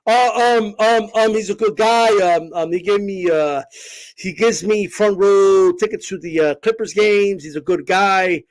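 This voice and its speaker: A man doing a mocking impression of a male boxing champion, stammering and halting, piling up fillers over and over. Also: high-pitched, dry recording, voice pushed down. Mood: mumbling, evasive.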